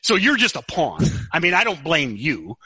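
A man's voice: on the high side, wildly swooping pitch, moderate pace, sharp tone, slightly rough, dry recording. A man co-hosting a podcast in casual chat, teasing and joking. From United States. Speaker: podcast co-host.

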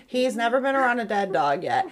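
A woman with a slightly high voice talks fairly quickly while co-hosting a podcast. She tells a story in casual conversation, animating it by acting out the lines people said.

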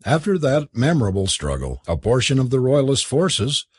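A husky-voiced man reading aloud, voicing a genial, fussy older gentleman who is a father. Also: medium pitch, very animated, normal speed, dry recording, studio quality, voice pushed up.

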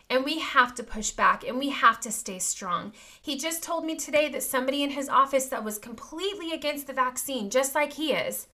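Her pitch is high and her tone sharp as this thirtysomething vlogger talks straight to camera for her personal channel. Indignant and emphatic, she keeps calling her audience "you guys," and now and then seems on the verge of crying.

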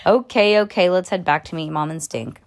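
A woman voicing an eager, excitable young girl in a storybook read aloud. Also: fairly low pitch, a little fast, lightly acted. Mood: excited. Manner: eager, exclamatory.

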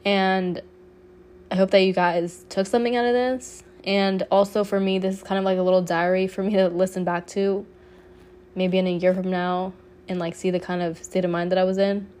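A woman's voice: medium pitch, level tone, moderate pace, darkish tone. A woman in her late twenties hosting a solo podcast, sick with a cough, talking casually and heartfelt, peppered with swearing and "like". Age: 20s. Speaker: podcast host.

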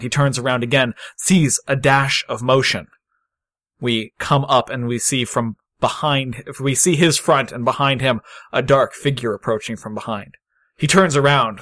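Male game master, mid pitch, dramatic scene-setting narrator, dry close mic. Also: a bit bright, dry recording. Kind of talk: narrating a tabletop role-playing game.

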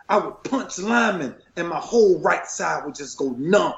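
A middle-aged man telling an emotional story with passion, often repeating himself and swinging between loud and soft. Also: high-pitched, expressive, normal speed, vocal fry, reverberant, lo-fi sound. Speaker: retired football player telling his story.

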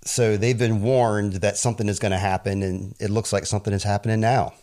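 A man's voice: lowish voice, fairly quick. Chatty man hosting a TV recap podcast. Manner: chatty and animated, with laughs and asides. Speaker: podcast co-host.

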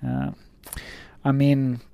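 A man's voice: mid-range voice, big pitch swings, drawn-out words, warm tone, no room sound. A man who drives a truck, telling a rambling, casual story about his workday, with fillers and some swearing.

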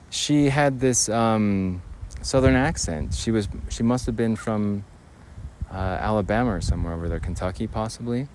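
Rambling man telling stories, low voice. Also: darkish tone. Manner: rambling, self-correcting, with bursts of laughter. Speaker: comedian host. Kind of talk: rambling stand-up storytelling.

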